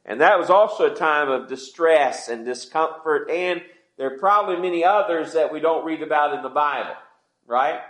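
Conversational preacher in an echoey church. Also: male voice, fairly high pitch, normal speed, fairly bright tone. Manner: conversational preaching, asks the congregation questions. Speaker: pastor. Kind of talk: sermon. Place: church sanctuary.

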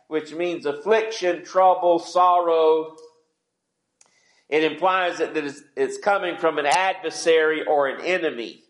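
A man preaching a sermon in a conversational way, asking the congregation questions as he goes. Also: a little high. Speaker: pastor. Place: church sanctuary. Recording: echoey church hall.

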